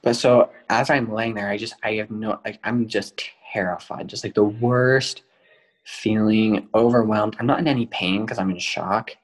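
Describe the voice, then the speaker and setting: A young man with a low voice tells a personal story on a podcast. He goes into every detail, and fillers run through his telling. His delivery is earnest and unpolished. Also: steady tone, normal speed, low-quality recording. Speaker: guest.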